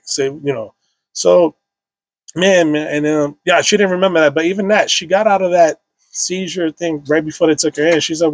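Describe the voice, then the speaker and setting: Man, 30s, podcast guest, emotional storytelling, husky tone, dry close sound. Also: a little high, fairly even intonation, normal speed, dry recording. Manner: casual, heavy slang, many restarts and fillers.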